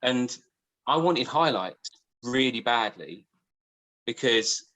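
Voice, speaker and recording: A man's voice: mid-range voice, lively intonation, slow, sharp tone, rough recording. Rambling storyteller man on a podcast. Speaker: podcast co-host. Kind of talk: casual chat.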